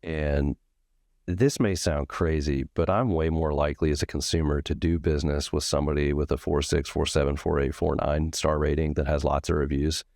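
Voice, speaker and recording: Podcast host, male, rumbling bass voice, dry close mic, casual storyteller who acts out the dialogue. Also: fairly even intonation, normal speed, darkish tone, no room sound. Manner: candid and profane, acts out both sides of a story.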